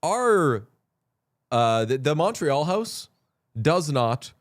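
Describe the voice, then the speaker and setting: A man's voice: on the high side, sing-song, extremely slow, no room sound, clean studio sound. A man hosting a casual sports podcast chat, rambling and correcting himself as he jokes around. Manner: rambling, self-correcting, jokey. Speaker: podcast host.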